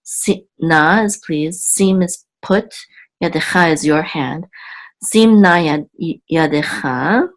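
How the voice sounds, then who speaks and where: Woman, Hebrew teacher, low pitch, unhurried, halting, self-correcting. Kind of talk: slow, patient word-by-word lesson.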